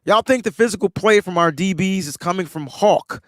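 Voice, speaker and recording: Slightly rushed and a touch under the weather, this male podcast co-host shares a sports anecdote in easygoing chat, rising in pitch as he grows excited. There's no room sound; it's studio quality.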